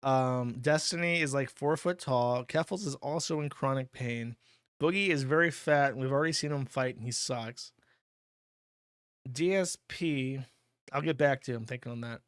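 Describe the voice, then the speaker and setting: A man's voice: mid-range voice, moderate pace, a bit bright, clean tone, dry recording, clean studio sound. Crude offhand man hosting a stream. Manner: blunt, crude and offhand, laughs often. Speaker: livestream host reading donations. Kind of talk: casual streaming commentary.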